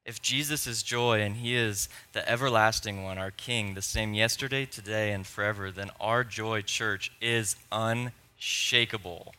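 A man pastor preaching a sermon in a church, playful and excitable, with nerdy enthusiasm. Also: lowish voice, a little slow, hardly any pauses, clean tone. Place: church sanctuary.

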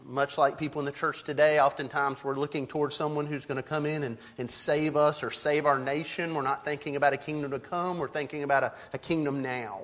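A man's voice: on the high side, steady tone, a little fast, few pauses, a bit bright. A middle-aged man preaching a sermon as pastor, earnest and emphatic, often repeating a word as he starts a sentence.

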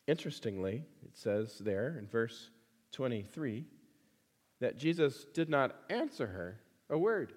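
A man's voice: medium pitch, sing-song, measured pace, a little mellow, in a large hall. A man preaching a sermon to his congregation, emphatic and fond of repeating phrases for stress.

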